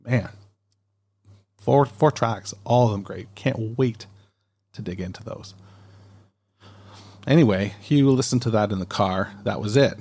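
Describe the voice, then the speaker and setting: A man's voice: fairly low pitch, unhurried, pauses often, darkish tone. A man hosting a podcast, rambling and chatty in a casual monologue, recorded on a studio dynamic mic. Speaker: podcast host.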